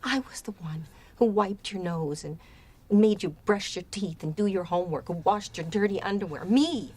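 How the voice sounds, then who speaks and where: A woman's voice: mid-range voice, normal speed, darkish tone, breathy edge, close to an everyday voice. An actress playing an older aunt who raised her nephew, pouring out a pleading, emotional outburst. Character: aunt raising her nephew, overworked and hurt.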